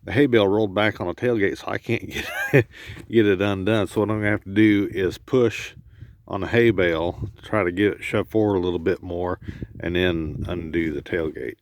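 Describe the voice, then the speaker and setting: Deep-voiced and unhurried, a middle-aged man narrates his outdoor farm chores for a homestead vlog, wandering off with plenty of fillers. His handheld camera picks up no room sound but plenty of noise, including animals and a vehicle.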